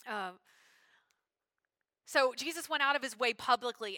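A woman preaching a sermon in an animated, conversational way with casual slang. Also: high-pitched, measured pace, no echo.

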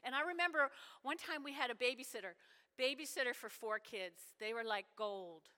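Woman pastor, high bright voice, animated sermon, hall reverb. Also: moderate pace, clean tone. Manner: animated storytelling with asides to the congregation.

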